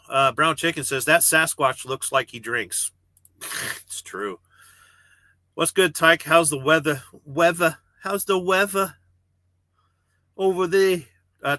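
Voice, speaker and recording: A man's voice: medium pitch, bright, forceful tone, no echo. A man who drives a truck hosts a casual livestream from his parked cab, reading viewer comments aloud, rambling, joking and swearing freely. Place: parked truck cab with refrigerated trailer running.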